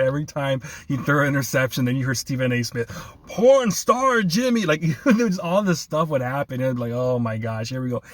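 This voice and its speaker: A man hosts a loose sports conversation at a middle pitch, chuckling between points and leaning on "man" as he goes. His voice sits in a dry, close space with little room sound. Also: dry recording. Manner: laughs often, enthusiastic, repeats 'man'. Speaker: sports podcast host. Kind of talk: casual sports chat.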